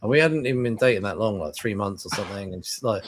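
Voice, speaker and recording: A man co-hosting a casual film review podcast, telling lively stories, acting out both sides of conversations and swearing freely. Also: fairly low pitch, fast talker, a little hiss or hum. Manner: animated storyteller who acts out dialogue and swears. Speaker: podcast co-host.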